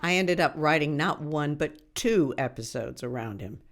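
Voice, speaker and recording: A woman with a low, gravelly voice reads a memoir aloud in the first person. Her delivery is wry and expressive, swinging widely in pitch. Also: normal speed.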